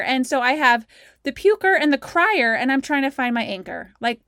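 A woman telling a personal story in an animated, conversational way, voicing her own past thoughts as she goes. Her voice sits a bit on the high side and the sound is dry and close, with no room echo. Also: normal speed. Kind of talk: storytelling talk.

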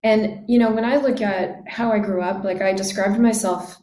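A woman's voice: mid-range voice, fairly even intonation, normal speed, mellow, roomy sound. A woman in casual conversation, speaking earnestly and reflectively, often acting out quoted dialogue.

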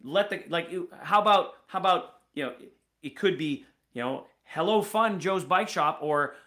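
Lively man telling a sales story. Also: on the high side, normal speed. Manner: animated storyteller, acts out quoted voices, many restarts. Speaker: podcast host. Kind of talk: casual sales podcast storytelling.

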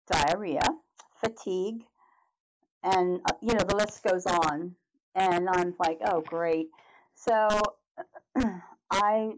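A middle-aged woman, a podcast guest, telling a personal story in an animated way, with halting restarts and acted-out reactions. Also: medium pitch. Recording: noticeable background noise.

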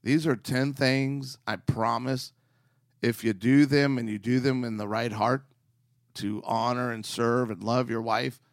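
A man's voice: medium pitch, fairly even intonation, measured pace, dry recording, studio quality. A man co-hosting a marriage podcast, chatting casually and playfully with his wife and joking as he tells a story.

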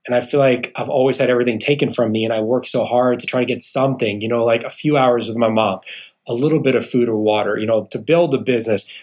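His voice is medium-pitched and darkish, and he moves at a quick pace. As a podcast guest, the real estate founder in his thirties delivers an earnest testimony, acts out quoted figures, and refers to the host as "man."

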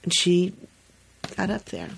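Her voice is fairly low, slow, creaky and husky as she co-hosts a podcast about early childhood. She spins a story in an easygoing, animated manner and laughs a lot.

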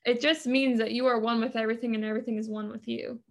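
A woman's voice: on the high side, flat delivery, fast talker. A woman guest on a podcast, telling her story in earnest, chatty talk with many fillers. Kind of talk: casual interview talk.

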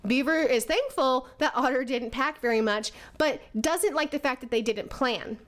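Woman presenter, high voice, animated storytelling, explaining personality types. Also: moderate pace.

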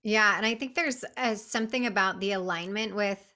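Woman podcast host, curious interviewer, bright tone. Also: mid-range voice, a little fast. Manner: curious, chatty questioning.

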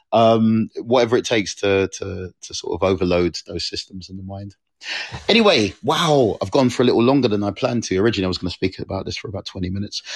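A man hosting a live audio room, talking casually and rambling, full of fillers and quick impressions. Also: fairly low pitch, no echo, clean studio sound. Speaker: host of a live audio room, NLP practitioner.

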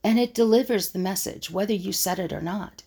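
A woman with a medium-pitched, dark, slightly rough voice talks briskly. She's a conflict resolution coach musing through a solo monologue and imitating people's scoffing remarks.

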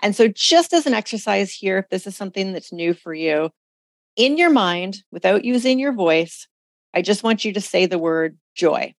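A woman's voice: medium pitch, animated, moderate pace, no echo. A woman hosting a community call, talking listeners through reflective self-development exercises. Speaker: host leading a women's community call. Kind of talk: coaching talk on a group call.

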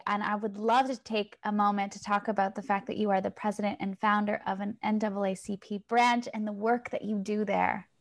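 A woman hosting a podcast interview, speaking slowly and reassuringly to her listeners. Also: mid-range voice. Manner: slow, reassuring words to the listeners. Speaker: podcast host.

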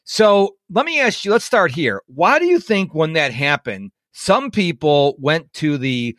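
Fifties guy hosting a podcast, fast jokey talker, bit high voice, dry sound. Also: dry recording. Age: 50s. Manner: energetic, talkative, joking. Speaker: podcast host. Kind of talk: podcast interview.

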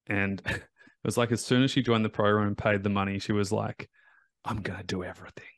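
A man's voice: on the low side, steady tone, a little fast, no room sound. A man hosting a podcast as a recovery coach, talking in an emphatic, motivational way and repeating his key phrases.

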